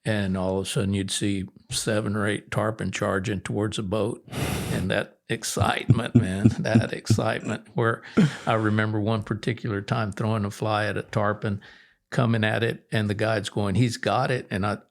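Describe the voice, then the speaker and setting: A middle-aged man, a guest angler, telling fishing stories in a relaxed, rambling way with restarts. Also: on the low side, normal speed, creaky. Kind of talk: casual storytelling.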